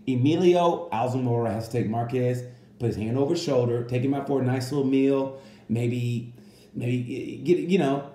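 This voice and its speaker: A man giving a casual, rambling comedic monologue that reviews a motorcycle race, full of animated asides. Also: mid-range voice, normal speed, roomy sound.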